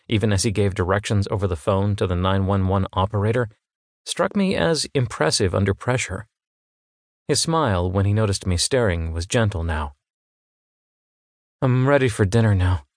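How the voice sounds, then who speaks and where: A man narrating an audiobook in first person, with a fairly low voice. The sound is close and dry, with no room around it. He tells the story in a measured, engaged way. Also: lively intonation, no echo.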